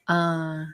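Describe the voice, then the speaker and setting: A livestream host with a low, smooth voice chats casually with her viewers, reading their comments and laughing often.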